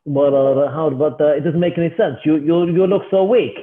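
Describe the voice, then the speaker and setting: A man's voice: fairly high pitch, fairly even intonation, normal speed, echoey room, natural voice. A man voicing a big, blunt Russian gym guy in a shaky put-on accent and broken English. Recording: tinny phone-like line.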